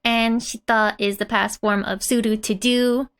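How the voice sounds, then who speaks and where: In an unhurried, smooth voice on the high side with little pitch movement, a woman walks through manga dialogue in a casual language lesson, chatting, laughing often, and leaning on "like" as filler.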